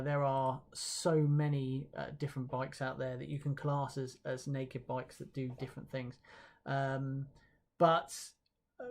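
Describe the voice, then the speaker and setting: An awards presenter on a livestream, rambling and stopping often to correct themselves. The delivery is casual and self-mocking, with viewer comments read out between announcements. The pitch sits right in the middle. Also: gravelly. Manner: chatty and hesitant, with many fillers and self-corrections; light self-mocking humor.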